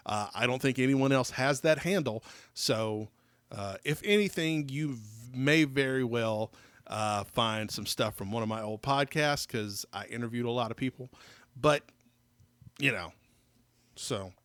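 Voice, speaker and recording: A man's voice: medium pitch, unhurried, a bit bright, dry recording. A man co-hosting a podcast in casual chat, rambling with lots of fillers and joking about his kid. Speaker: podcast co-host. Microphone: studio microphone.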